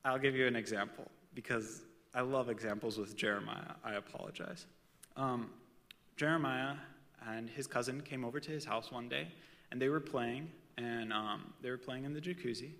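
Bright-voiced preacher man in an echoing hall. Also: mid-range voice, moderate pace. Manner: conversational, chatty asides. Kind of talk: casual sermon with personal stories.

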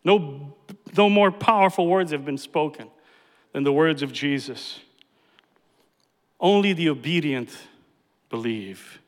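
Emphatic preacher in a reverberant hall. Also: male voice, a little high, measured pace, pauses often. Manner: emphatic, repeats key phrases. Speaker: pastor. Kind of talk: sermon.

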